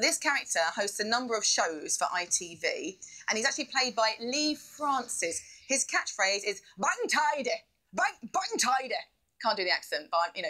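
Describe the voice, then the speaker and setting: Bubbly high-voiced woman quiz host. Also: sharp tone, low-quality recording. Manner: bubbly, playful asides. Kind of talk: live mobile quiz show hosting.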